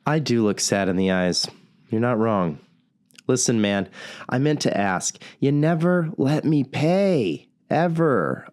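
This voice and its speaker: A man's voice: medium pitch, darkish tone, natural voice. A man playing a broke, lonely radio host who jokes wryly at his own expense during a comedic call-in show. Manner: self-deprecating, wry. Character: broke, self-pitying single male radio host.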